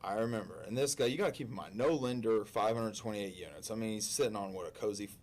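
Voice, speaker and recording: A man's voice: fairly low pitch, fast talker. A man in the insurance business telling a work story in a chatty, joking way, with plenty of restarts and asides. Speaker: insurance agent guest. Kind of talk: casual anecdote telling.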